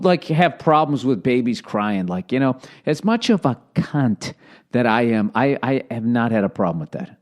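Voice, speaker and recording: A man's voice: medium pitch, moderate pace. Profane rambling podcast host man. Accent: Boston. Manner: rambling, profane, sarcastic storytelling. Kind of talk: casual solo podcast monologue.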